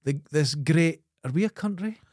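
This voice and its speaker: Joking man, bright lively voice. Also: fairly high pitch, moderate pace, no echo, clean studio sound. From Scotland. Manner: joking, mock-grand announcing, laughs often. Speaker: podcast co-host. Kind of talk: casual podcast banter.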